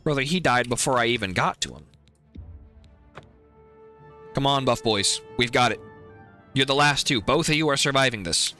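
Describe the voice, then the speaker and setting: A man's voice: medium pitch, lively intonation, normal speed, pauses often, bright, forceful tone, soft background music. A man streaming a video game, commenting live and pleading and swearing at the characters on screen.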